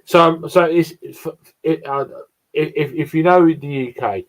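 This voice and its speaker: A man's voice: fairly high pitch, a little slow. A man from South East England with a working-class accent that mixes Essex and East London. He chats casually on a video call and often stops to restart his words. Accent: South East English, Essex and East London mix. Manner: hesitant, repeats words and restarts. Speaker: guest on a live beer stream. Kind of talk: casual chat.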